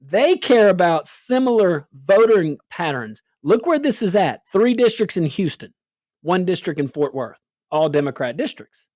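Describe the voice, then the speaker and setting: A woman's voice: lowish voice, sing-song, moderate pace, a little mellow, no room sound, clean studio sound. A woman hosting a political talk show, sarcastic and full of rhetorical questions. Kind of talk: casual political commentary.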